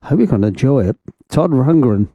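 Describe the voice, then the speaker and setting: A man's voice: medium pitch, big pitch swings, a little fast, dry recording, highs cut off. An older man, presenting music on the radio in a rambling, chatty way with many ums and asides. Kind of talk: casual radio chat.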